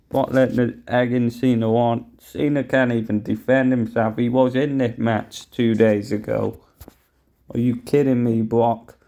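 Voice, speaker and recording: A man's voice: medium pitch, warm tone. A young man giving outraged play-by-play wrestling commentary, swearing and talking to viewers as guys.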